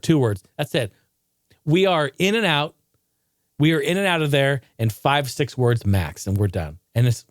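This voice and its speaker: A man's voice: mid-range voice, unhurried, no room sound, studio quality. A man hosting a podcast, talking in a casual, profane rant. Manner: profane, ranting, animated. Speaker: podcast host. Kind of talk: casual ranting monologue.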